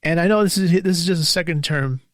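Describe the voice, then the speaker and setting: A man's voice: fairly high pitch, fast, no room sound, clean studio sound. A man hosting his own podcast, talking alone in an anxious, bitter way and swearing often. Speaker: podcast host. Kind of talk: solo podcast monologue.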